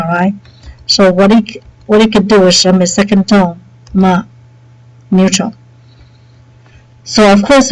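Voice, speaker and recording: A woman's voice: mid-range voice, poor audio. Woman teacher on a headset doing a screen tutorial, easygoing, keeps saying okay. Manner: relaxed and chatty, many okays and fillers. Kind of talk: screen-recorded software tutorial.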